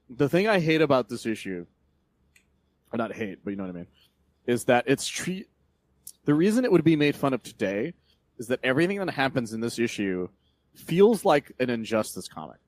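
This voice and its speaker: A man co-hosting a podcast, rambling through a comic book plot with lots of swearing and quick retellings of scenes. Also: medium pitch, no room sound. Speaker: podcast co-host. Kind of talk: casual chat about comics.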